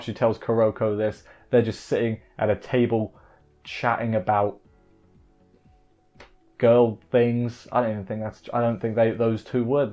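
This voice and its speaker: A man's voice: medium pitch, darkish tone, lo-fi sound. Man rambling through an anime recap. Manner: rambling, self-interrupting, quick asides. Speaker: anime reviewer. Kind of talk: casual episode recap.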